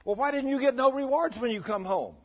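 A man voicing an excited man who greets a friend in heaven with high, loud, quick questions. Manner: shouted high-pitched questions. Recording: dull lo-fi sermon recording.

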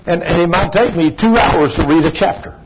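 A man preaching a sermon in a conversational, animated way, rising high for emphasis. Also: brisk. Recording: muffled lo-fi recording with background noise.

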